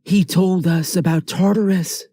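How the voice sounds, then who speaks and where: A man's voice: high-pitched, steady tone, measured pace, mellow, no echo, voice pushed up. A man voicing a stammering scared teen boy. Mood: nervous. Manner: stammering, pleading. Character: frightened teenage boy.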